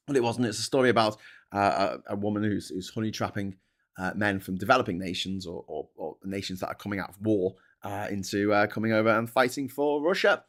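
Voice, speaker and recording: A man's voice: fairly low pitch, fairly quick, fairly bright tone. A man hosting a casual live-stream show, reading out news and commenting with sarcasm, swearing and many restarts. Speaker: host.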